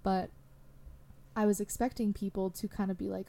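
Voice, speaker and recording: A woman's voice: medium pitch, flat delivery, normal speed, creaky, long pauses, warm tone. A young adult woman hosting a solo podcast, talking candidly in a rambling way with lots of fillers. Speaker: podcast host.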